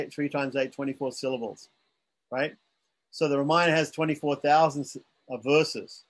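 A man teaching from scripture, reading passages aloud and then explaining them patiently, often checking that his listeners follow. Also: on the high side.

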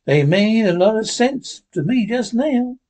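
A man's voice: high voice, expressive, a little slow, darkish tone, voice pushed up. A man reading a firm frontier lawman. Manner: firm, commanding. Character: steady frontier lawman hero.

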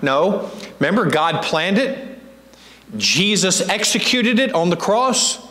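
A male pastor giving a teaching-style evening sermon, talking in a conversational, halting way with many restarts and asking the congregation questions. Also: sits high, big pitch swings, bright, forceful tone. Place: church sanctuary. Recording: echoey church hall.

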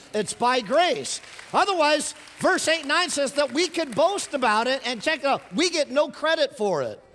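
A middle-aged man preaching a sermon as pastor, telling stories in an animated way and rising to emphatic points. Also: high-pitched. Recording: long hall reverb.

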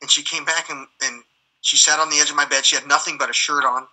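A man's voice: fairly high pitch, steady tone, fast, pushed and bright, poor audio. A man, a military veteran, telling rambling stories as a guest in conversation, swearing and acting out the dialogue as he goes. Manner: profane, heated, acts out dialogue.

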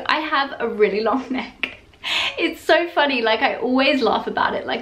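A woman's voice: fairly high pitch, a bit bright. A young woman chatting casually in a home vlog, playful and sarcastic, laughing often as she reads comments aloud. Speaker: YouTuber.

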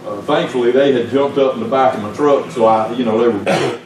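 An older man with a Southern US accent preaching a sermon, telling stories in a folksy way with big swings in pitch. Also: fairly quick, a little mellow, slight background noise. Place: church sanctuary. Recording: echoey church from far off.

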